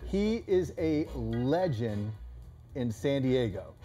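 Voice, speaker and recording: A middle-aged male radio host with a mellow, rounded tone speaks in a measured, formal way. Faint music plays underneath his voice. His pitch is mid-range. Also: big pitch swings. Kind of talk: casual radio talk.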